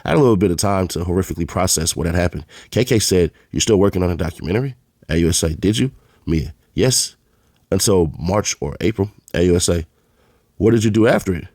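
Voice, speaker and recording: A man's voice: sits low, animated, brisk, darkish tone, no echo, clean studio sound. A man reading a trial transcript aloud, announcing each speaker's label before their lines in a plain read-aloud manner. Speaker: channel host reading court testimony.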